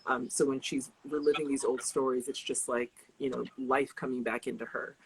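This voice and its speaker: A woman's voice: extremely low pitch, fairly even intonation, moderate pace, slight background noise, poor audio. A young adult woman chatting casually as an author guest, rambling with restarts and laughing often. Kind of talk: casual interview chat.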